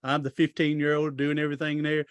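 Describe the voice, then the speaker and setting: A man's voice: on the high side, completely flat delivery, fast, smooth, dry recording. A middle-aged man, a podcast guest telling long stories in a rambling, folksy way, often restarting his sentences. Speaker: podcast guest, author and speaker. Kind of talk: casual storytelling interview.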